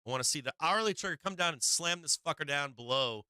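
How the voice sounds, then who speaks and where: A man's voice: a little high, lively intonation, fast talker, bright, forceful tone, clear, resonant tone, no echo. A man hosting a live stock market stream, talking bluntly in casual commentary full of swearing and restarts, often laughing. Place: home live-stream setup.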